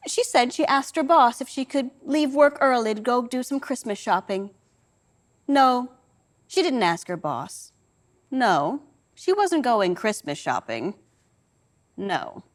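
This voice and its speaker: A woman's voice: fairly high pitch, sing-song, unhurried, long pauses. An older woman performing a wry, dramatic storytelling monologue on a theatre stage.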